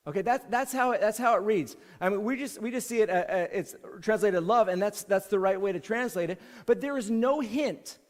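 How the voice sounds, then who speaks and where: A man's voice: high-pitched, brisk, few pauses. A man preaching a sermon as senior pastor, in a conversational way that repeats key phrases for emphasis. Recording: long hall reverb.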